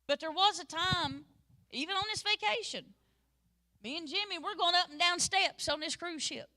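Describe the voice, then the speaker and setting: A middle-aged woman teaching Sunday school in a sermon style, telling stories in a lively way that swings between loud and soft. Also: very high voice, moderate pace.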